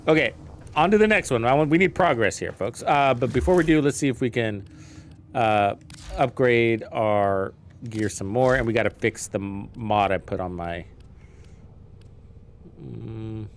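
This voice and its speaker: A man live-streaming a game, chatting casually, thinking out loud and swearing freely as he learns the menus. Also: mid-range voice, measured pace, a little hiss or hum.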